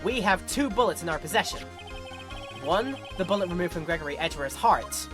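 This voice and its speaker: A woman's voice: fairly low pitch, animated, brisk, music in the background, close to an everyday voice. A woman voicing a determined young male defense lawyer who presses his case confidently.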